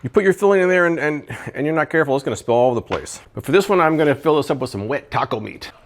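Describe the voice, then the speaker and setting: Racing through his thoughts, a male product reviewer cooks in his home kitchen and reviews gadgets in an easygoing vlog. His voice sits a little high, with lively intonation.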